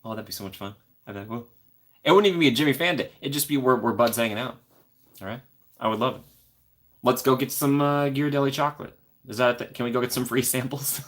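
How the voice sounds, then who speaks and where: A man's voice: medium pitch, fairly quick, fairly bright tone. Friendly young man chatting on a stream. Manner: friendly, rambling, reads viewer comments aloud. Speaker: live streamer. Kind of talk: casual live stream chat. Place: corner of an apartment.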